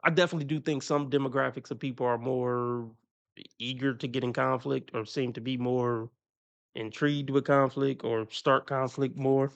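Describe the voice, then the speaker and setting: A man's voice: mid-range voice, fairly even intonation, normal speed, creaky, muffled recording. A man giving casual, profane reaction commentary on a stream, chuckling often as he talks through his opinions.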